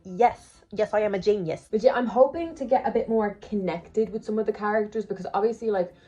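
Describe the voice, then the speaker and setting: A young book vlogger chats casually on her reading vlog, rambling with lots of "like" fillers and restarts. Her mid-range voice is a little fast, mellow and slightly rough. The sound is slightly dull and lo-fi, with faint background music.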